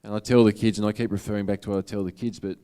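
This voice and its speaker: A man's voice: fairly low pitch, little pitch movement, racing, dark tone, smooth. A man with an Australian accent giving a motivational talk to an audience, in a casual, earnest, conversational way. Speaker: motivational speaker.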